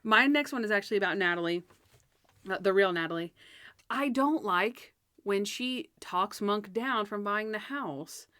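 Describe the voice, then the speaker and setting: A woman's voice: medium pitch, unhurried, pushed and bright, no echo. Chatty woman podcast co-host, dry close mic. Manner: chatty, laughs often, mimics characters. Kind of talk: casual episode review chat.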